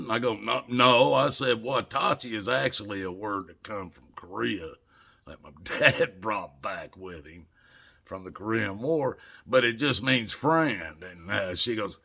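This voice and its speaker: Older male vlogger, folksy rambling storyteller, low gravelly voice. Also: expressive, a little slow, bright, forceful tone. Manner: folksy, rambling, chuckles while telling. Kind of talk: casual storytelling.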